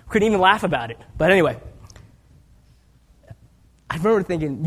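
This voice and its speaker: A man around forty giving a sermon as guest preacher, telling stories with self-deprecating humor and swinging between hushed asides and raised emphasis. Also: sits high, expressive, moderate pace, long pauses.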